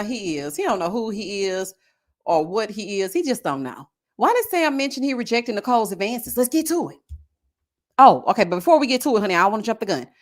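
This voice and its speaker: Animated sassy woman live-streaming. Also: mid-range voice. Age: adult with a child. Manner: sassy, animated, frequent laughing asides. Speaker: YouTube host reviewing a reality dating show. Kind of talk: casual live-stream chat.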